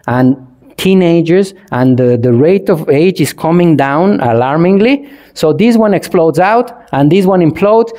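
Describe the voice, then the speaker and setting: Animated monk giving a dharma talk. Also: male voice, a little high. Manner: animated, asks the audience questions, acts out examples. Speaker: Buddhist monk teacher.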